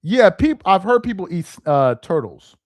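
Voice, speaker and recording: A talkative man reacts to his chat on a live stream, his fairly high voice swinging widely in pitch as he keeps circling back to the same point. He laughs easily, and the sound is dry and close with no room echo. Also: moderate pace. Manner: animated and talkative, repeats himself, laughs easily. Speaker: live stream host reading viewer chat.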